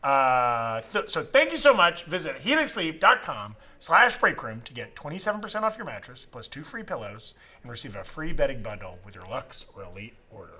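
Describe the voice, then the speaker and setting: A man hosting a podcast, reading a sponsor ad in a joking, animated way. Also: medium pitch, fairly quick, few pauses. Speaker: podcast host. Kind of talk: casual chat with a live ad read.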